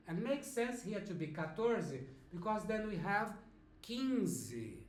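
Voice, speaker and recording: A man with a Brazilian accent teaching a language lesson, drawing words out slowly and having learners repeat after him. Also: high-pitched, lively intonation. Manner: slow, drawn-out repetition of words for learners. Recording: echoey room.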